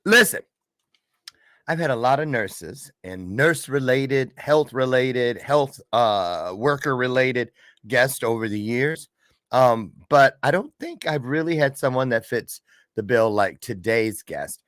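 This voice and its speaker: A man runs his morning podcast as a chatty, playful monologue, full of puns and little side trips. His pitch rises and falls in lively swings. The sound is dry and close, with no room echo. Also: measured pace. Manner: playful, punning, chatty, jumps between asides. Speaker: podcast host. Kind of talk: casual morning show monologue. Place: Chicago area.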